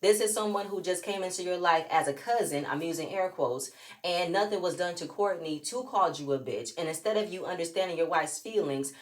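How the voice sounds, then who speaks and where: A woman talks through a reality show episode in a casual, sassy way. She sits on the lower side of the usual female range, and she keeps slipping into other people's voices to act out what they said. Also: a little fast. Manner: animated, sassy, reenacts quotes in shifting voices. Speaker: reality TV recap vlogger. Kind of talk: casual recap commentary.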